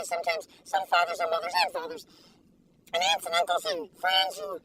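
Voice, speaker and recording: A woman taste-testing food in a casual vlog, talking in an excitable, giggly, gushing way. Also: very high-pitched, gravelly. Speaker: food reviewer. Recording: distant mic with faint background noise.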